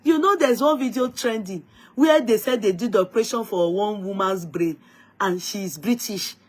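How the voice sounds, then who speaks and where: A woman with a Nigerian accent telling a story to her viewers in a lively, dramatic way, slipping into Yoruba phrases. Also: medium pitch, normal speed. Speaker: vlogger.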